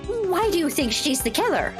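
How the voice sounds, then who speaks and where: A woman's voice: very high-pitched, big pitch swings, moderate pace, over music, voice pushed up. A woman voicing a smug, mocking female suspect from a game, with a teasing, unbothered delivery. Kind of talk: reading game dialogue aloud.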